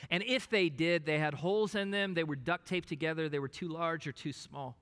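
A pastor preaching a sermon emphatically, dropping at times to a hushed voice. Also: male voice, fairly high pitch, a little fast, smooth. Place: church sanctuary. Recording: long reverb of a large hall.

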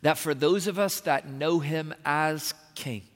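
High-voiced man preaching in a reverberant church. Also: a little slow, fairly bright tone. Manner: earnest, pleading, builds to emphatic rises. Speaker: pastor. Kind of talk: sermon. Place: church sanctuary. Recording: long reverb of a large hall.

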